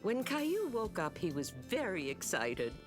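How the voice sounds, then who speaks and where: A woman giving clear, scripted storybook narration for a preschool cartoon. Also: mid-range voice, huge pitch swings, moderate pace, over music.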